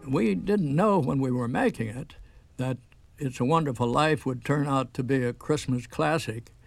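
An older actor reminiscing in an interview, speaking in a halting drawl full of restarts and fillers. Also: male voice, mid-range voice, vocal fry, no room sound.

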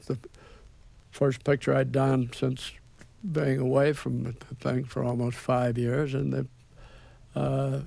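An older actor reminiscing in an interview, speaking in a halting drawl full of restarts and fillers. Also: male voice, mid-range voice, gravelly, darkish tone, breathy edge, dry recording.

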